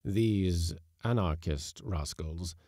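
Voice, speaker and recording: A man's voice: low-pitched, slow pace, mellow, no echo, clean studio sound, pitched below the performer's own voice. A man voicing a pale, scornful anarchist visitor in a Victorian tale.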